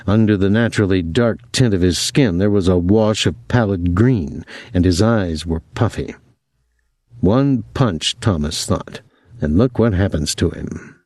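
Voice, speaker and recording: A man narrating a novel chapter in a measured, steady reading. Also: sits low, no room sound, clean studio sound. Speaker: audiobook narrator. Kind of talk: scripted narration.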